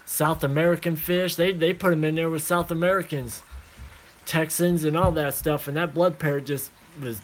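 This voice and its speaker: A man chatting casually to viewers about his fish in a relaxed, rambling way, talking into a phone and calling everyone man and dude. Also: a little high, moderate pace. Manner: laid-back, rambling, calls listeners man and dude. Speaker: aquarium hobbyist vlogger.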